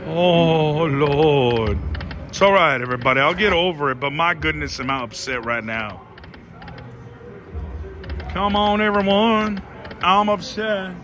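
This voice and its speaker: A man's voice: on the high side, expressive, measured pace, pauses often, a bit bright, a little hiss or hum. A man giving casual live commentary while gambling at a casino slot machine, talking to his viewers in a dramatic, theatrical way.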